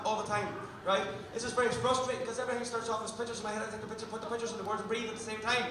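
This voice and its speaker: A man with a Derry accent doing a stand-up set, talking fast and swearing as he works the crowd. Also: high-pitched, level tone, background noise. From Derry, Northern Ireland. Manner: rapid-fire, sweary banter with the crowd. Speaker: stand-up comedian. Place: comedy club stage. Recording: echoey club recording from a distance. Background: audience laughter.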